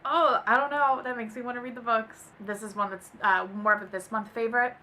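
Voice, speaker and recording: A woman's voice: on the high side, moderate pace, bright, forceful tone, a little hiss or hum. A young woman hosting a casual book vlog, reading poems aloud and often breaking into laughter. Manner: giggly, easily amused, breaks into laughter. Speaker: booktuber host.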